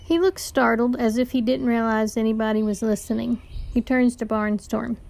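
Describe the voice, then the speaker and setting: A woman teacher reading a children's novel aloud to a class, with lively storytelling narration. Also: a little high, moderate pace, gravelly.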